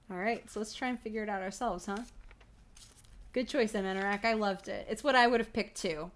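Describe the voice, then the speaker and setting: Her mid-range voice moves at a moderate pace with long pauses as she reads a choose-your-own-adventure book aloud on her livestream. The woman comments live as she goes, playful, often laughing and swearing casually.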